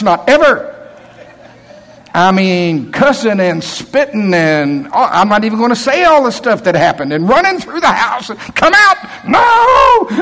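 A man's voice: sits high, rough recording. A man preaching a sermon, telling a story and acting out the voices in it. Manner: animated storyteller, acts out voices.

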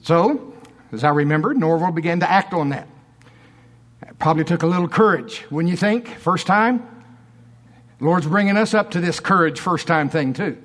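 A man preaching a storytelling sermon in a conversational, animated way, often asking the audience questions. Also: fairly high pitch, normal speed, pauses often.

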